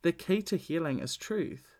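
A man's voice: a little high, animated, unhurried, a little mellow. A man giving a blunt, profane, candid talk about emotional healing, repeating his points for emphasis.

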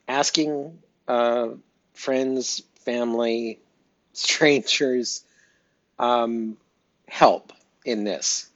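A man speaking slowly and haltingly in a heartfelt personal audio diary, with many pauses and fillers. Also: medium pitch, no echo. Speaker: pet owner sharing an update. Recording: dry, dull lo-fi recording.

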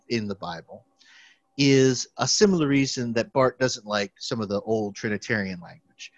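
Young male theology student, casual rambling chat, medium pitch, dry slightly muffled recording. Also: no echo. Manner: rambling, lots of restarts and fillers, animated when quoting people.

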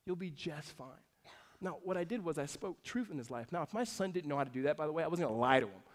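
A man, preaching a conversational sermon that swings between loud emphasis and soft asides. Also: fairly high pitch, animated, very fast. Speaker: pastor.

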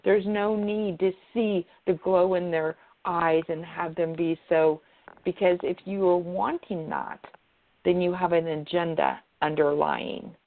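A woman's voice: fairly low pitch, fairly even intonation, unhurried, creaky. A woman giving earnest advice in casual conversation, often restarting her sentences. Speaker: guest. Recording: tinny phone-like line.

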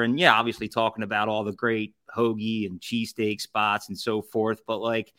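A man's voice: on the low side, little pitch movement, normal speed, hardly any pauses, a bit bright. A man, a podcast guest telling stories in a casual, rambling way with frequent laughs and filler words. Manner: rambling, laughs often, many fillers and restarts. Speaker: podcast guest, co-founder of a food review group. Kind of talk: casual storytelling chat.

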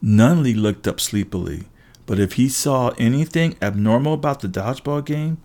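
Man narrating a wry audiobook. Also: mid-range voice. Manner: lively, wry storytelling with quick character voices. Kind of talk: first-person audiobook narration.

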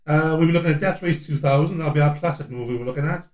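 A man's voice: a little high, fast talker. A British man hosting a casual podcast, easygoing, laughing often and stalling with fillers. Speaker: podcast host. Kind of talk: casual chat. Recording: roomy room sound.

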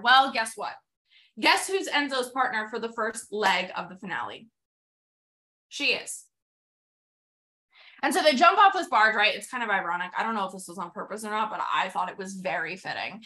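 A woman's voice: fairly high pitch, lively intonation, normal speed, pushed and bright. A young adult woman hosting a motivational podcast, retelling a TV episode with acted-out quotes and drawing lessons for sales teams. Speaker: podcast host and sales coach.

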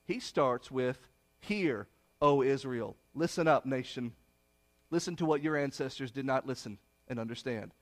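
A man preaching a sermon, retelling a story with rhetorical questions and swinging between loud emphasis and hushed low phrases. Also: lively intonation, normal speed.

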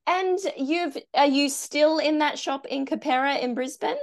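Encouraging woman host, higher voice. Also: measured pace. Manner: warm, encouraging interviewer with short affirmations. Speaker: podcast host. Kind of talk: casual interview chat.

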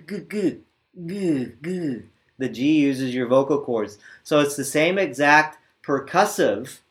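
Male teacher, unhurried delivery, demonstrates sounds, checks "right?" with students. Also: mid-range voice. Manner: frequent "right?" check-ins. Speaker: language teacher. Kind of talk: spoken lesson on pronunciation.

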